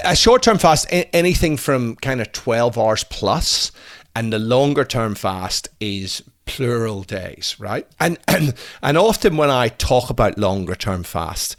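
A man talking in a casual podcast interview as a fasting expert, animated, with many stammered restarts and "right?" checks. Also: on the low side. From Britain. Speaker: fasting and fat loss expert guest.

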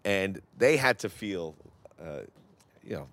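A man's voice: low voice, expressive, a bit bright, no echo. A man co-hosting a casual soccer talk show who weighs his words and often restarts his sentences. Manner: measured and reflective, with hesitant restarts. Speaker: soccer podcast co-host. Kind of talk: casual sports chat.

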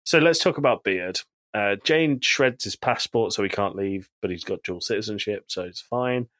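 A man's voice: lowish voice, moderate pace, fairly bright tone, dry recording. A man co-hosting a podcast in casual chat, animatedly retelling TV scenes and quoting characters. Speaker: podcast co-host.

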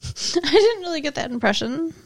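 A woman's voice: high voice, sing-song, normal speed. A young woman co-hosting a casual chat, teasing her partner and laughing often. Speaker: podcast co-host.

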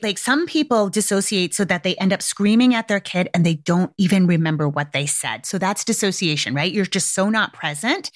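A woman's voice: mid-range voice, no echo, studio quality. Blunt, swearing woman podcast host. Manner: frank and blunt, swears freely, coaching tone; asks many direct questions, speeds up and slows down. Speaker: podcast host giving parenting advice. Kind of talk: casual advice talk to a listener.

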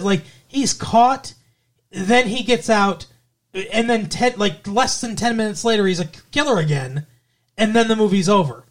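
In casual podcast chat, a co-host tears into a horror movie, cursing freely and rambling through plenty of fillers and restarts. The voice is medium-pitched and moderately paced.

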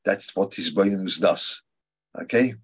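Husky-voiced man, halting, thoughtful teacher. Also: sits low. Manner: halting and thoughtful, repeats key phrases for emphasis. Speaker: religious teacher. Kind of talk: answering students' questions in a class.

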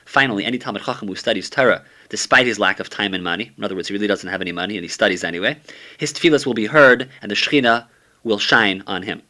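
Man, lowish voice, crisp bright tone, Talmud summary lesson, steady reading, Hebrew and Aramaic terms. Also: fast talker. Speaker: Talmud teacher.

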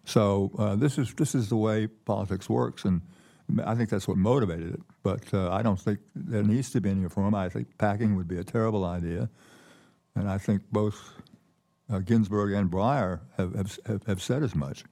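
An older man, a keynote guest, telling stories in a relaxed conversational way, often repeating words and pausing with fillers. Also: fairly low pitch, creaky. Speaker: keynote guest, former ambassador. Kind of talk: conversational storytelling. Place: conference stage with audience.

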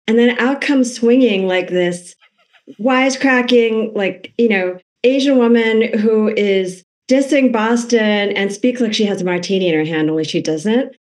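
A woman's voice: a little high, normal speed, a little mellow. A woman from Massachusetts, an author guest on a podcast, talking eagerly and cutting herself off mid-sentence. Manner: eager, fan-like, self-interrupting. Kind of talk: casual interview chat.

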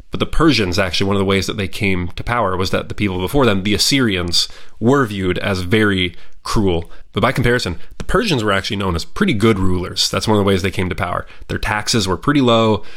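A man's voice: fairly low pitch, a bit bright. A man giving a casual, opinionated spoken review of a historical film, talking freely with frequent restarts and asides. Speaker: history commentator.

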